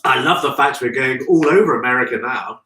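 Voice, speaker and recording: A live florist show host greets his viewers by name in a chatty, effusive way. His medium-pitched voice is sharp and moves a little fast, recorded far from the mic in a room full of echo.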